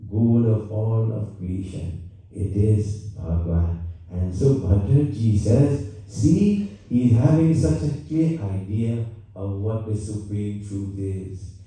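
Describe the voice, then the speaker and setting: A man's voice: on the low side, lively intonation, slow, dark tone. A man, a pandit, giving a storytelling sermon at a temple, asking his listeners questions and repeating his words as he tells the story. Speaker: pandit giving a spiritual talk. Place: large temple hall. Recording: roomy echo, voice from far off.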